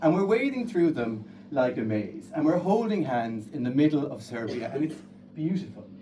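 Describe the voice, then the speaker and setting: A young Irish man with a Kerry accent tells a true comic story on stage in a lively, animated way. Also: fairly high pitch, normal speed, recorded from a distance, slight background noise, low-quality recording. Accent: Irish, County Kerry. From Ireland. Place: storytelling stage before an audience.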